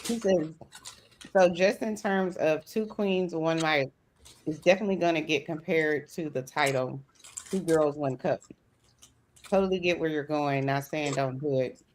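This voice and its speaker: A woman with a low, deep-set voice chats loosely on a live stream, rambling and laughing easily as she reacts to a clip. A faint hiss sits under her voice. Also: unhurried. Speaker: stream host. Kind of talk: casual chat reacting to a video.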